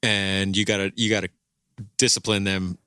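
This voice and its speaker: A man's voice: sits low, level tone, normal speed, sharp tone, clean tone, no echo, clean studio sound. A man co-hosting a sports podcast, giving emphatic opinions in casual chat. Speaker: podcast co-host.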